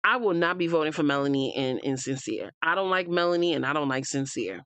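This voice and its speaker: A woman's voice: low-pitched, expressive, fairly quick, fairly bright tone, dry recording. A woman from the United States hosting a reality TV recap, talking bluntly and heatedly, swearing freely and addressing the cast members directly. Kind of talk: opinionated casual recap.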